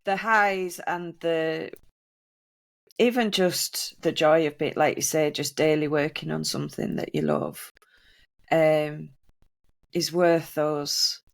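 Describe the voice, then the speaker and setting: A woman's voice: low voice, fairly even intonation, slow, creaky. A woman hosting a casual podcast interview, affirming her guest and asking follow-up questions. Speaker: podcast host.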